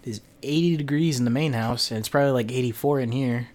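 A young man co-hosting a podcast, chatting in a laid-back, halting way. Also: mid-range voice, a little mellow. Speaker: podcast co-host. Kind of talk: casual chat.

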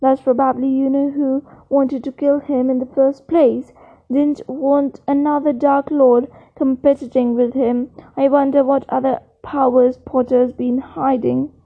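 A woman voicing a solemn, self-important stout schoolboy who gossips in hushed, grave tones. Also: high voice, flat delivery, measured pace. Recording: tinny phone-like sound.

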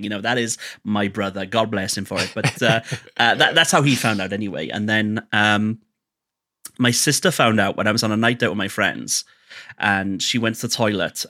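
Bright-voiced man telling stories. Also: lowish voice. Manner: chatty, self-deprecating, repeats words and restarts, acts out voices in his stories. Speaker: podcast guest. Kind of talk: candid storytelling conversation.

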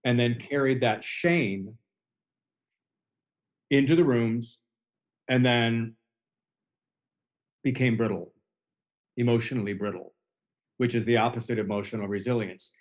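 A man in the host's chair who coaches more than he chats. He talks earnestly at a mid pitch and loops back over his own phrases to press a point home. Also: normal speed, long pauses. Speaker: host. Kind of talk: recovery podcast conversation.

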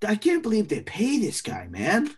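A man co-hosting a casual sports podcast, opinionated and animated, often trailing off into fillers. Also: high voice, moderate pace, husky. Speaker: podcast co-host.

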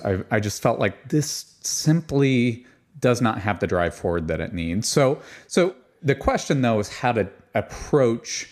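A man, a composer, explaining his choral writing in an interview, thoughtful and explanatory. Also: on the low side. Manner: demonstrates rhythms by chanting and singing them. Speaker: composer guest. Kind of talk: interview about choral music.

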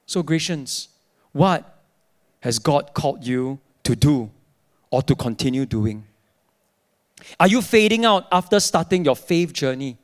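A young adult male pastor, preaching a sermon in an animated storytelling way. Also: on the high side, measured pace, pauses often. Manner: animated storytelling, acting out his own dialogue.

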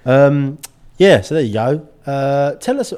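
A young English man co-hosts a casual podcast, joking and drifting into mock accents. His pitch moves a lot as he talks. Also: lively intonation, slow, a little mellow, smooth. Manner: jokey, often slips into mock accents. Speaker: podcast co-host. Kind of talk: casual chat.

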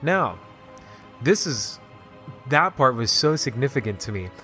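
A man casually recapping a video game story, excited and rambling, with lots of "like" and restarts. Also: mid-range voice, unhurried, soft background music. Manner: excited, rambling, heavy use of "like". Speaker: gaming video host.

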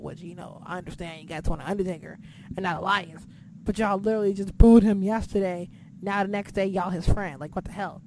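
Woman just chatting away, swears a ton, lots of "you know", mid pitch, bit of background noise. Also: steady tone, a little fast, a little mellow. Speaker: podcast host. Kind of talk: casual chat.

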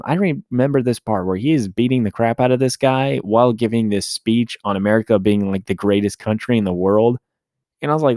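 A man's voice: medium pitch, a little fast, darkish tone, no room sound, clean studio sound. A man hosting a solo movie podcast, talking casually and rambling as he corrects himself. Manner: chatty, rambling, self-correcting. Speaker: movie review podcast host.

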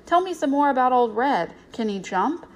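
A woman's voice: sits high, animated, normal speed, a little mellow. A woman voicing a sweet, eager young girl who rides horses, in a storybook reading. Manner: eager, friendly.

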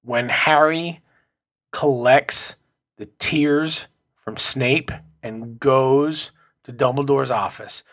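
A man's voice: mid-range voice, takes it slowly, a bit bright. A man in casual podcast chat who talks emphatically and with enthusiasm.

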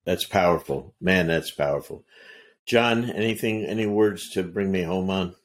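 A man hosting a podcast interview, giving short, brief praise to his guests. His voice is deep and low-pitched. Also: normal speed. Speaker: podcast host.

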